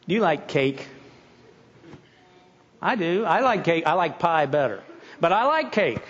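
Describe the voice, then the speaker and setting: A man's voice: on the high side, very animated, unhurried, pauses often, fairly bright tone, dull audio. A middle-aged man preaching a sermon in a folksy way, often repeating words as he starts sentences. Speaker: pastor.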